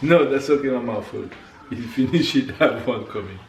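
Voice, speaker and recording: Man, home kitchen banter, teasing, laughing, lively pitch, echoey room. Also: brisk, gravelly. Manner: teasing, joking, laughs often. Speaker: vlog co-host, husband. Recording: echoey kitchen, faint noise.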